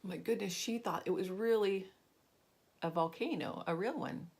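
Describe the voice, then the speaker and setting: An older woman reading a story aloud to children, gently pausing to ask them questions. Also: mid-range voice, gravelly, husky. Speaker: storybook reader.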